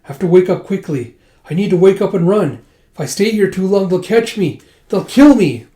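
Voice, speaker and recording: A flustered young princess squeaks her way through, high and earnest, as a man puts her on. The voice sits well above a normal speaking pitch. A roomy echo hangs around every word. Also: animated, normal speed, a little mellow, natural voice. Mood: frightened. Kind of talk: comic readthrough voice acting.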